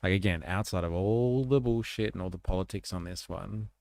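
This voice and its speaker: Gravelly low-voiced man, blunt. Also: fairly quick, a little mellow, no room sound. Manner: blunt, swears freely. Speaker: livestream host. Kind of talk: casual commentary reacting to a clip.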